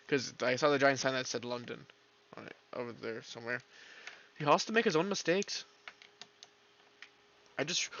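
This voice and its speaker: A hoarse man from Canada, streaming while reading a visual novel aloud, casual, joking and swearing. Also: fairly high pitch, sharp tone, no room sound. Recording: dull lo-fi.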